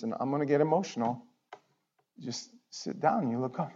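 A man preaching a sermon in a conversational way, jumping from loud outbursts to near-whispers. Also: medium pitch, fairly quick, husky, lo-fi sound. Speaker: pastor.

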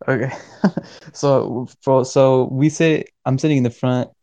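A man's voice: medium pitch, steady tone, a little slow, mellow, no room sound. Laid-back young guy, lots of "bro". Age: young adult. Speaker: podcast co-host. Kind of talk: casual storytelling chat.

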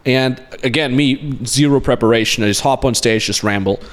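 A man's voice: medium pitch, normal speed. A man in his late twenties, a podcast host and business coach, telling stories in a rambling, profane, self-mocking way. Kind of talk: casual storytelling chat.

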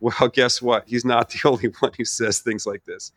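A middle-aged man, a theology professor, telling his personal faith story in an earnest, animated way with many restarts. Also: mid-range voice, moderate pace, no room sound. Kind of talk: conversational personal testimony.

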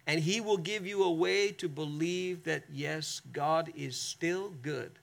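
A man's voice: a little high, slow, creaky. A man preaching a sermon as pastor, reading scripture dramatically and talking conversationally to his congregation. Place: church, streamed online.

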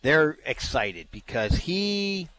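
A man's voice: on the high side, big pitch swings, slow, fairly bright tone, dry recording, faint music behind. A man co-hosting a casual talk show, telling a story with frequent restarts and fillers. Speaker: co-host. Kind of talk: casual golf chat.

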